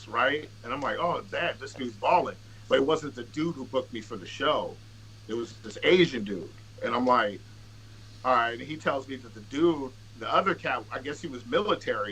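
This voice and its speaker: A man's voice: medium pitch, sharp tone, slight background noise, rough recording. A man, a rapper guesting on a podcast, telling long profane anecdotes in casual conversation, restarting sentences and acting out what others said. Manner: profane, rambling anecdotes with quoted dialogue; restarts and filler-heavy delivery. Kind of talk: casual storytelling.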